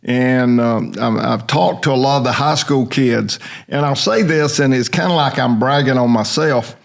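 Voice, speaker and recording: A man's voice: medium pitch, moderate pace, vocal fry. An older man hosting a casual podcast chat, rambling along in a folksy storytelling way. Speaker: host.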